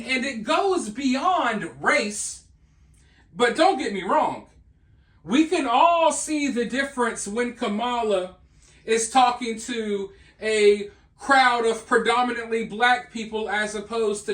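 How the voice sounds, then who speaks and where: A man's voice: high voice, fairly bright tone, reverberant. A man from the South, hosting an opinionated political commentary monologue in an emphatic, scornful way, speaking straight to his viewers. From Southern United States.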